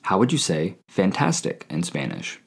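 Male language teacher with a low voice, reads a scripted lesson, repeats each word slowly. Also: huge pitch swings. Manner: slow, clear repetition of words. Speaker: Spanish teacher.

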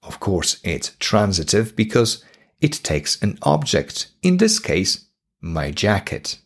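A man with a Polish accent teaching an English lesson on a podcast, slow and deliberate, repeating each example sentence. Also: sits low, huge pitch swings, husky.

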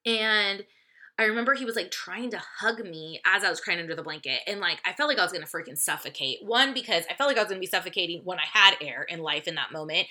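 A woman's voice: on the low side, lively intonation, fast, bright, forceful tone. A woman hosting a podcast, telling a personal story in a candid, chatty way, swearing freely, laughing often and speaking straight to her listeners. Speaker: podcast host. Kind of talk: casual confessional storytelling.

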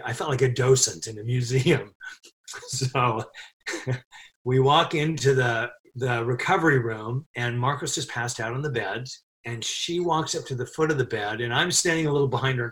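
A middle-aged man telling a crew anecdote in a casual interview, animated and quick to laugh. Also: mid-range voice. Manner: animated storyteller, laughs often while telling. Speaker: film crew member telling a story.

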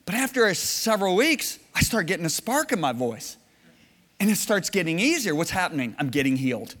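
High, bright-voiced preacher man in a hall. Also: big pitch swings, brisk. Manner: storytelling, swings from low hushed lines to loud shouted bursts. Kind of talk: sermon.

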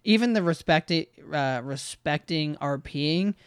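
A man with a slightly raised pitch chats animatedly about role-playing games, laughing often between points. His voice is recorded close and dry, with no room sound. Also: normal speed, smooth, dry recording. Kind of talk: casual chat about tabletop gaming.

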